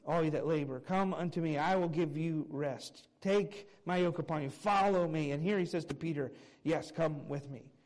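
A high-voiced male pastor preaches a sermon in earnest expository style, reading scripture aloud. He is animated, moving between raised emphasis and quiet, low asides, and the audio quality is poor.

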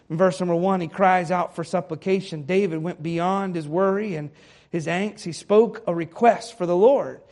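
High-voiced man preaching with swelling intensity. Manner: swings from hushed to loud, dramatic pleading quotes. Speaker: pastor. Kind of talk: sermon.

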